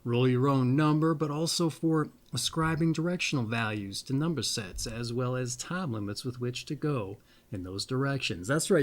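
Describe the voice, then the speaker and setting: A man hosting a casual monologue, rambling in a folksy way and repeating pet phrases. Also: medium pitch. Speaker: astrology video host.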